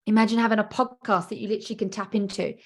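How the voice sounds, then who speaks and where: Animated woman coaching on a podcast. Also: medium pitch, very fast. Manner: animated, acts out inner voices, emphatic repetition. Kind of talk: podcast monologue.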